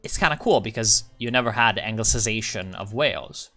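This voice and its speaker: A man's voice: on the low side, lively intonation, brisk, fairly bright tone, soft background music. A man rambling casually through a game commentary as a channel host, muttering to himself and swearing when things go wrong.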